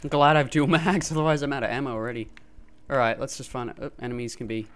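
Excitable man doing live gameplay commentary. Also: mid-range voice, fast. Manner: excitable, frequent yelps and laughs during fights. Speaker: gamer. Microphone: gaming headset.

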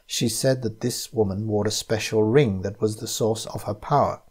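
A man voicing Abdul, a frightened loyal servant who speaks low and pleading. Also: normal speed, a little mellow, husky. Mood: subdued.

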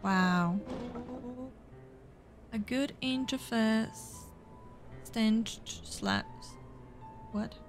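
Woman let's play host, slightly high voice, slow and playful, faint music behind. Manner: casual, playful, with fillers. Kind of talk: reading game dialogue aloud.

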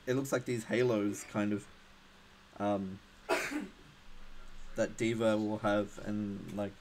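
Hesitant low-voiced man running a tabletop game. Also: darkish tone, a little hiss or hum, poor audio. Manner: hesitant, many fillers and restarts. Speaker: game master.

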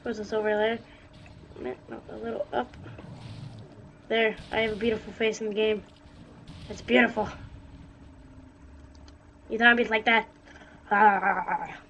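A woman's voice: mid-range voice, level tone, a little slow, pauses often, fairly bright tone. A young woman casually commenting on a zombie game, joking and chatty, with playful asides. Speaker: gaming video host. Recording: muffled lo-fi recording with faint noise.

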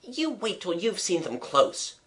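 A reader voicing a brave schoolboy who puts on a loud, hearty cheer in a storybook reading. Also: mid-range voice, huge pitch swings, a little slow, pitched above the performer's own voice. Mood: jolly.

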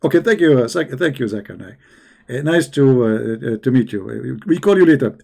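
A man hosting a call-in debate show, talking in a sarcastic, teasing way with many halting fillers. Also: mid-range voice, lively intonation, creaky, a little mellow, breathy edge. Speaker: host.

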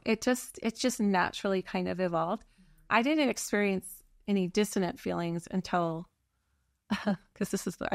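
A woman's voice: fairly low pitch, creaky, no room sound, studio quality. A woman telling her personal story in a candid conversation, earnest and reflective, often restarting her sentences. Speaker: birth mother guest.

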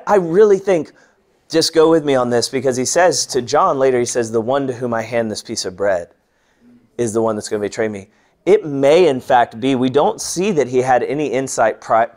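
A man teaching a bible class, earnest and lively, voicing the people he quotes and dropping to a hush for tender moments. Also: mid-range voice. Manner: earnest, animated when quoting, softening to hushed. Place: large room or hall.

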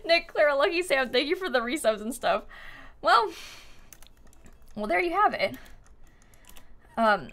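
A bright, fairly high-voiced woman chatting on a live stream as she plays a life-sim game. She giggles often, thinks out loud about her build, and thanks viewers by name. A desk mic picks her up, with keyboard typing behind her. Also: very animated, unhurried, long pauses.

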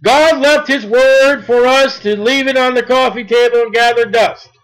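A man preaching a sermon, reading scripture slowly and then speaking emphatically. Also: very high voice, steady tone, fairly bright tone, clear, resonant tone, poor audio.

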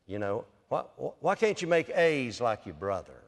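A man's voice: medium pitch, sing-song, moderate pace, few pauses. A man, preaching a sermon as a pastor in a folksy storytelling manner and speaking directly to his listeners as "friend.". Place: church sanctuary. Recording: long church hall reverb.

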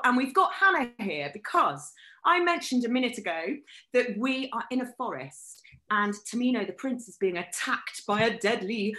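A woman runs a live-streamed family workshop in an echoey room. She tells the story in a lively, animated way, and her voice sits fairly high. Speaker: workshop leader.

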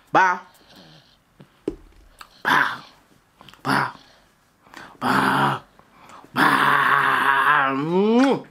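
A man's voice: fairly high pitch, sharp tone. A man vlogging at home, talking in a coaxing, playful, slangy way to his young child while trying to film. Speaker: vlogger and father. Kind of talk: casual talk to a toddler on camera. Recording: clear background noise.

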